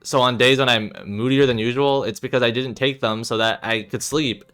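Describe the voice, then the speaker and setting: Dude doing a tired guarded young guy in a game, quiet and low, crisp bright mic. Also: fairly even intonation, moderate pace, faint music behind, close to an everyday voice. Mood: weary. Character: troubled young man, guarded and weary.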